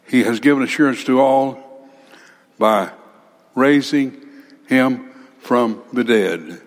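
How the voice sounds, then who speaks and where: A man preaching a sermon dramatically, acting out listeners and swinging between loud emphasis and hushed asides. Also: medium pitch, slow pace, long pauses. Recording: long hall reverb.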